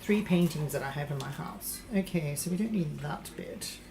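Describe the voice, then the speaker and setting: A woman's voice: sits low, moderate pace, gravelly, echoey room, noisy background. A woman playing a vain, posh English lady cooking in a home kitchen, with a put-on English accent. She talks theatrically and calls everyone darling. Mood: flustered. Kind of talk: live-streamed comedy cooking show in character.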